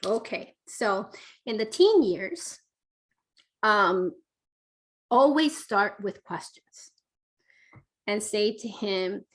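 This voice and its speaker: A woman parenting expert answers viewer questions in a live online Q&A, reading them aloud and giving casual advice in a warm, coaching style full of fillers. Her mid-range voice is expressive, and she speaks very slowly with long pauses.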